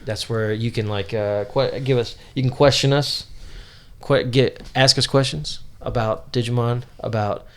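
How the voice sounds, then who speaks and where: Halting, playful male podcast co-host. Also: mid-range voice, fairly even intonation. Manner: halting, filler-heavy, playful. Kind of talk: casual chat, reading show plugs.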